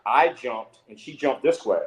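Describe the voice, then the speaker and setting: A middle-aged man tells a story on a podcast, dropping curses and switching to a raised voice whenever he quotes someone. His voice sits at a medium pitch. The sound carries a roomy echo. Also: measured pace. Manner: animated, swears freely, acts out quotes in a higher voice. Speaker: podcast guest. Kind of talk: casual storytelling.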